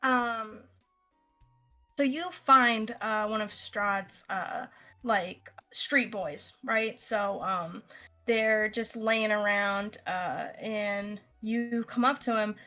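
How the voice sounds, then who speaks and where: A woman running a tabletop one-shot as game master, narrating in a relaxed way full of fillers. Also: mid-range voice, drawn-out words, lo-fi sound, soft background music.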